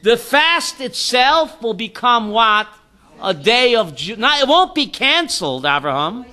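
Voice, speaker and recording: A man's voice: very high-pitched, unhurried. A man teaching an informal Torah class as a rabbi, telling stories with jokes and acting out the quotes. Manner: animated storyteller, acts out quotes.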